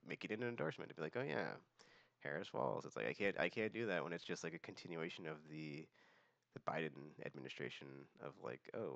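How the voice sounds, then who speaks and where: A man's voice: extremely low pitch, gravelly, pushed and bright, no room sound, lo-fi sound. A young man hosting a casual monthly vlog, rambling with many fillers and restarts. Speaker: vlog host.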